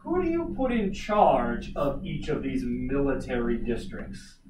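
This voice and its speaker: A man's voice: mid-range voice, unhurried. A man from Colorado teaching a history class, telling stories and joking with his students. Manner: animated, jokey asides to students. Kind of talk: classroom lecture with storytelling. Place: classroom, recorded from afar. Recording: echoey room, distant mic, noisy.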